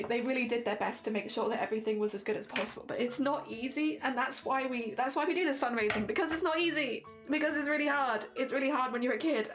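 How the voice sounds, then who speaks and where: A young woman with a fairly high voice talks on a charity livestream, earnest and teary, halting and restarting as she goes. Faint music plays underneath her. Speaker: streamer. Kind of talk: casual charity livestream chat.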